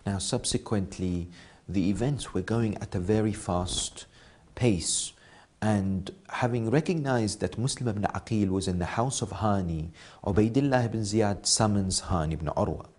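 A man narrating a historical story in a measured way. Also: fairly low pitch, a little mellow.

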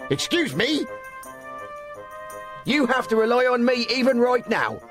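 A man's voice: very high voice, sing-song, measured pace, over music, full character voice. An actor dubbing an anxious man who soothes and reassures the person he talks to while hiding his own troubles. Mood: reassuring. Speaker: shopkeeper. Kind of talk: dubbed film dialogue.

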